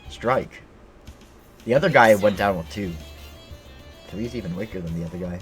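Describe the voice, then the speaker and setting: A man's voice: lowish voice, moderate pace, pauses often, faint music behind. A man streaming a video game, joking and rambling in casual commentary.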